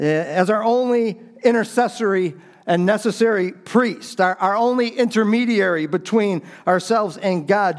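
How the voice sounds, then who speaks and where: High-voiced man preaching a sermon. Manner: earnest, conversational preaching with restarts. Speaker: pastor.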